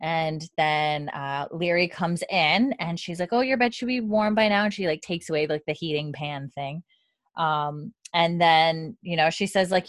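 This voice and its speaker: A woman's voice: deep voice, normal speed, no room sound, studio quality. A woman recapping a TV episode in casual chat, retelling scenes and quoting the characters between fillers. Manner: retells scenes with quoted lines, many fillers and laughs. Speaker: podcast co-host recapping a TV episode.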